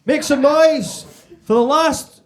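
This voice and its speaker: A man's voice: extremely high pitch, takes it slowly. A man hosting a comedy night, teasing the acts in live stage banter. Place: comedy club basement stage.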